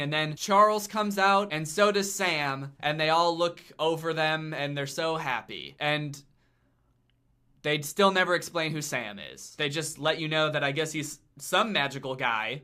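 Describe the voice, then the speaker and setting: A man's voice: fairly high pitch, sharp tone. A man giving sarcastic, incredulous comedy commentary on a movie. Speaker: comedy YouTuber.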